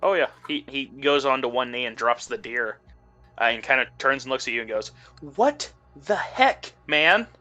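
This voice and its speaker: A man's voice: medium pitch, flat delivery, fairly quick, sharp tone, soft background music. A man narrating as game master of a tabletop game, loose and chatty.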